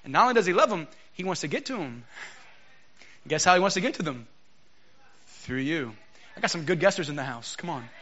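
High bright-voiced man preaching a sermon. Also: fairly quick, long pauses, lo-fi sound. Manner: lively, joking, calls for audience response. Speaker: guest preacher, Bible college teacher. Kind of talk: Pentecostal sermon. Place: church.

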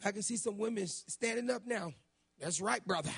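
A man with a raspy voice preaching a folksy, emphatic sermon in a church, reading scripture and praying aloud. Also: high-pitched, fairly quick. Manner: folksy, emphatic, builds to shouting in prayer. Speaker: guest preacher.

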